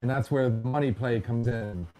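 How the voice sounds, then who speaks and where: A man's voice: medium pitch, normal speed, warm tone, soft background music. A man hosting a casual podcast, telling stories in a chatty, joking way and mimicking other people in quotes. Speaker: podcast host. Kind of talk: casual storytelling chat.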